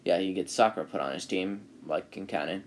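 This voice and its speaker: A man's voice: low voice, fairly quick, a little hiss or hum. A man who makes anime videos, telling a made-up story in a casual, rambling way, with many fillers and self-corrections.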